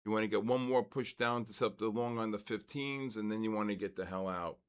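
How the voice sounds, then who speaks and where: An older man hosting a live trading stream, excitedly calling out price moves and giving quick trade advice. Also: fairly low pitch, smooth. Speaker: trading livestream host. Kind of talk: live market commentary.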